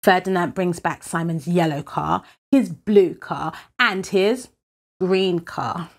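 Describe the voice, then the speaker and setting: A woman reading a children's picture book aloud in an expressive storytelling way. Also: lowish voice. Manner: expressive, unhurried.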